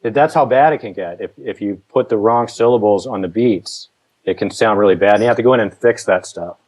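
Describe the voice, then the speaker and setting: A man chatting casually about songwriting, relaxed and a little rambling. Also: lowish voice, fairly quick, poor audio. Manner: relaxed, rambling with restarts and fillers. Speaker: songwriting guest. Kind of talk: casual conversational advice.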